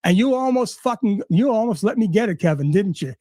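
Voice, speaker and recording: A middle-aged man tears into his critics in a combative, sarcastic rant, full of swearing. His voice sits high for a man, and the sound is dry and close with no room around it. He talks straight at the listener. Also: lively intonation, fairly quick, dark tone, no room sound. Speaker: livestream guest. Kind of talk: profane ranting monologue.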